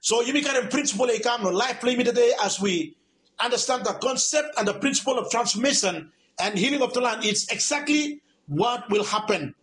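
A man's voice: very high voice, expressive, fairly quick, fairly bright tone. A man from Vanuatu with a Vanuatu accent preaching a radio sermon, emphatic and repetitive, stacking up his phrases.

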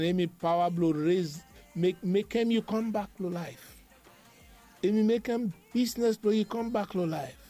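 A man's voice: high-pitched, a little mellow. A man delivering a devotional sermon, emphatic and repetitive in a chanting preaching rhythm.

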